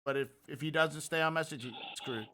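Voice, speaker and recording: A man hosting a political podcast, giving opinionated and animated commentary. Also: fairly high pitch, brisk, crowd noise. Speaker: podcast host.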